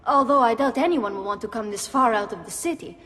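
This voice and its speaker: A woman's voice: fairly high pitch, fast talker, a bit bright, close to an everyday voice. An actress as a sarcastic noblewoman. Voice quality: sarcastic, clipped. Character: sharp-tongued young noblewoman stuck with bookkeeping. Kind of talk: video game dialogue. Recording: reverberant game audio.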